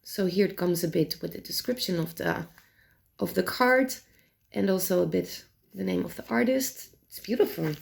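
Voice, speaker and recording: A woman reviewing tarot decks in casual chat, animated and exasperated, swearing freely and talking with many fillers and restarts. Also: fairly low pitch, normal speed, gravelly.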